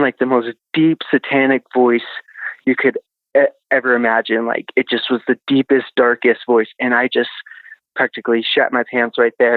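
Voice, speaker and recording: A man's voice: mid-range voice, dry recording. A man recounting a childhood experience as a podcast guest, rambling with lots of fillers over a tinny phone line. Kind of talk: casual storytelling.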